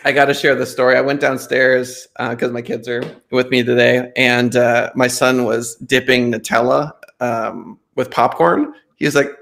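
A middle-aged man hosts a casual interview show, his pitch sitting in an ordinary middle register. He tells stories with energy and slips into voices for the people in them, then rolls straight into quick show plugs. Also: gravelly. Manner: animated storyteller, acts out voices in anecdotes. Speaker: podcast host.

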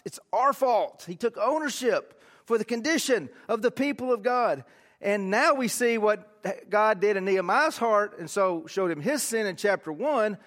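A man preaches a sermon to his congregation in a high voice. He swings between loud, urgent lines and hushed, quiet stretches. His words carry a long reverb through a large church hall. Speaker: pastor.

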